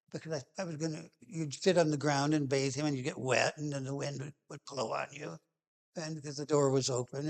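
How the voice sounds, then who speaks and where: A man telling a personal memory behind a song, halting and restarting, with phrases that trail off softly. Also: on the high side. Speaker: singer-songwriter telling a song's background. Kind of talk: personal reminiscence.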